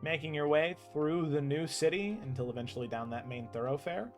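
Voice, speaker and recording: A man runs a fantasy tabletop game, narrating scenes in a chatty, meandering way. His voice sits a little high for a man, and he laughs often. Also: a little fast, faint music behind. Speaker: game master.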